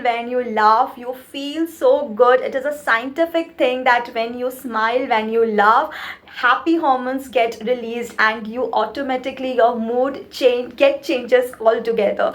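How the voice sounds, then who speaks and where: A woman's voice: high-pitched, a bit bright. A woman mentor giving an earnest motivational talk, counting through her points. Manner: earnest, repeats "trust me", lists points.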